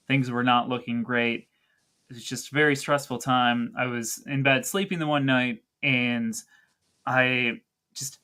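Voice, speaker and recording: A man hosting an interview, telling a personal story in a relaxed conversational way. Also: medium pitch.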